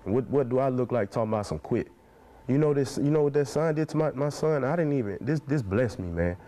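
Earnest and fast, this twenty-something man gives interview answers with a preacher's passion, slipping "man" into almost every phrase. His medium-pitched voice is expressive with a dark tone.

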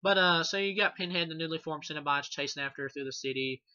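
Guy ranting about a horror flick, swears a ton, kinda high tense voice, dull dry mic. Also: quick pace, bright, forceful tone, dry recording. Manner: rambling and profane, many fillers and restarts; laughs often at the film. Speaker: horror movie reviewer. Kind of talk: casual spoken film review.

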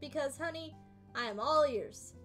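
A woman's voice: sits high, normal speed, fairly bright tone, faint music behind. A woman reading as a reproachful mother. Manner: reading game dialogue aloud in a mostly natural voice. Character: middle-aged mother, pointed and reproachful.

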